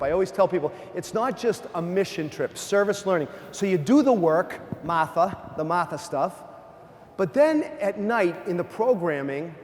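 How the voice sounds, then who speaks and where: Chatty priest with a high voice in a reverberant church. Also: male voice. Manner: conversational, asks the congregation questions; animated storyteller with humor. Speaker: pastor. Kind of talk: sermon.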